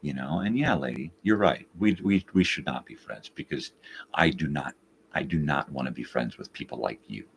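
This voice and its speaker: This live morning show host has an extremely low pitch with vocal fry and talks at normal speed, a faint hiss or hum behind him. Casual, swearing and exasperated, he tells a story and animatedly acts out both sides of the dialogue.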